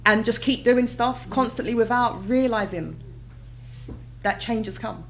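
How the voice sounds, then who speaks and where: A woman in her thirties, an interview guest telling her own story in a candid, conversational way, breaking into high excited exclamations as she recalls moments. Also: unhurried, vocal fry, rough recording. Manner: animated, bursts into high excited exclamations and laughter when retelling moments.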